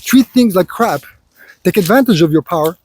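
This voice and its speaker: A man's voice: sits high, lively intonation, normal speed, a little mellow, slight background noise. A man speaking in an unscripted personal monologue, rambling and full of filler phrases as he lectures the listener and calls him "son". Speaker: vlogger.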